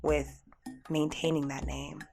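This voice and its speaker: Low, gravelly-voiced woman telling her story. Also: little pitch movement, slow. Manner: heartfelt, earnest, repetitive phrasing. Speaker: radio show host. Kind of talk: personal storytelling on a spiritual talk show.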